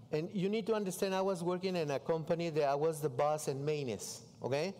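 A man's voice: on the high side, fairly quick, hardly any pauses, darkish tone, long reverb tail. A pastor from Mexico with a Mexican Spanish accent, telling his story in a sermon in broken English and acting out his own dialogue. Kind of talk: sermon testimony. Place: church.

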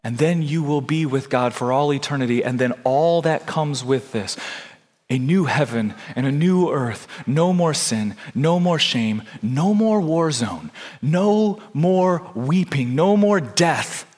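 A man preaching a sermon in a slow, deliberate way, building to impassioned, near-shouted passages. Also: a little high, expressive, long reverb tail. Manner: slow, deliberate delivery with long pauses. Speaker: pastor.

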